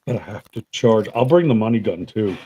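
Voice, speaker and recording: Profane, animated man on a livestream. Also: fairly low pitch, a little fast, low-quality recording. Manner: profane, animated storyteller with lively put-on quotes. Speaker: co-host of a livestream. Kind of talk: casual chat.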